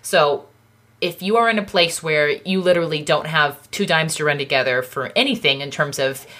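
A woman's voice: sits low, moderate pace, sharp tone. A woman in her thirties, a contracts advisor, talking in a casual teaching monologue and tagging her points with "okay?". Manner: chatty, repeats "okay?" after points. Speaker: contracts advisor for small businesses. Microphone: phone.

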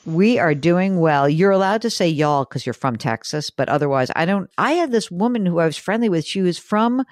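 A woman's voice: fairly low pitch, expressive, moderate pace, dry recording, clean studio sound. A woman hosting a radio call-in show, chatty and joking with callers. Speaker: host.

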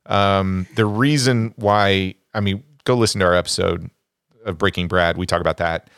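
A man's voice: low voice, fairly even intonation, moderate pace, fairly bright tone, smooth, dry recording, studio quality. A man co-hosting a casual movie podcast, bluntly ranking and trashing films he disliked. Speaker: podcast co-host.

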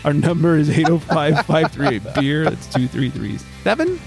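A man's voice: a little high, expressive, moderate pace, vocal fry, soft background music. A man hosting a casual podcast, reading out a countdown list in a loose, joking, foul-mouthed way. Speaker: podcast host.

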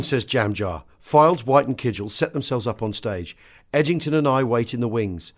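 A man hosting a podcast, reading a book extract aloud with lively swings in pitch and loudness. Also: fairly quick.

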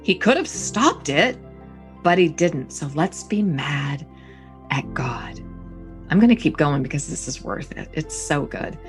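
A woman hosting a talk radio interview, asking questions and reading aloud with emphatic, expressive delivery. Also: on the low side, moderate pace, soft background music. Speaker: radio host.

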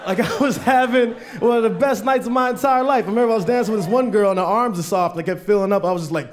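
A man's voice: extremely high pitch, fast, slight background noise. A man doing a stand-up set in a comedy club, telling loose stories full of swearing and acting out the people in them. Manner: loose storytelling, swearing, acts out voices.

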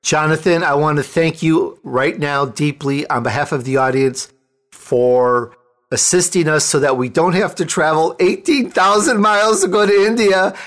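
A man's voice: on the high side, moderate pace, fairly bright tone. Enthusiastic male talk show host. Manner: enthusiastic, effusive. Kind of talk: interview conversation.

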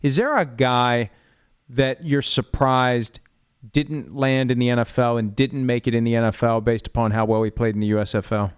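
A man hosting an interview, who asks long, measured questions. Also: medium pitch, steady tone, smooth, no room sound. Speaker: interview host. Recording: slightly dull, dry audio.

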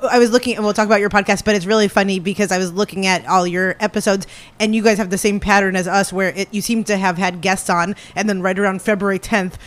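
A woman's voice: mid-range voice, fairly even intonation, fast talker. Chatty, giggly woman asking questions. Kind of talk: casual podcast interview.

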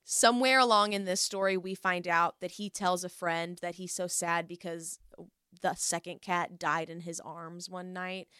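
A young woman telling a story in casual chat, animated and acting out what people said. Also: on the low side, moderate pace, clear, resonant tone, no echo, studio quality. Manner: animated storyteller, acts out quoted voices.

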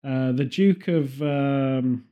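A man's voice: medium pitch, very slow, warm tone, highs cut off. An English man hosting a podcast, chatting casually with rambling, playful jokes and tangents. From England. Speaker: podcast host.

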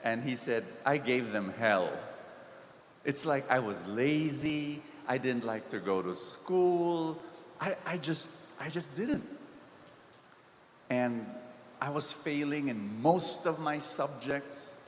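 A man's voice: medium pitch, lively intonation, slow pace, slight background noise. A man with a Filipino accent preaching a sermon, telling a story and pleading, rising to emphatic peaks. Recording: echoey hall, faint ambience.

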